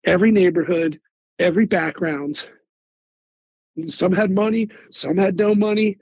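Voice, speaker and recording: Gravelly, husky-voiced man telling army stories. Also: high voice, a little slow, no room sound, rough recording. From Philadelphia, US. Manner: animated, repeats words while searching for them. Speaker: guest, Army veteran. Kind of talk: casual interview storytelling.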